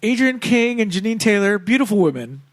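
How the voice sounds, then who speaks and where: A man co-hosting a casual podcast chat, animated and laughing often, with lots of fillers. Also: high voice, a little fast, dry recording. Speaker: podcast co-host.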